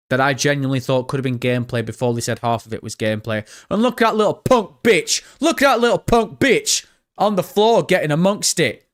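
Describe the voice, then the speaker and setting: A man doing a live-stream reaction, chatty, swearing casually and answering his chat as he goes. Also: fairly high pitch. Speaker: gaming streamer.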